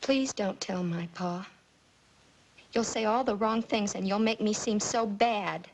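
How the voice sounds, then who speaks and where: A woman's voice: mid-range voice, measured pace, vocal fry. An actress playing a frightened young girl who pleads and denies in a 1950s TV drama. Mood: defensive pleading. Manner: pleading, tearful denials. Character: frightened young girl accused of starting fires. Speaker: daughter.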